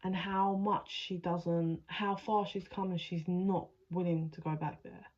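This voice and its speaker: A woman's voice: on the low side, steady tone, a little slow, darkish tone, muffled recording. A woman giving a channeled tarot reading in a rambling, emotional way, swearing freely as she narrates. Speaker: spiritual adviser, tarot reader.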